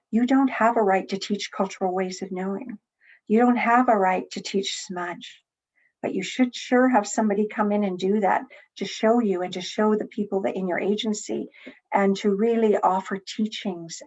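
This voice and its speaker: A woman's voice: mid-range voice, a little mellow. A middle-aged woman, an elder and psychotherapist, giving an earnest conference talk with many restarts. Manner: earnest, teaching, with frequent restarts. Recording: slightly dull lo-fi online audio.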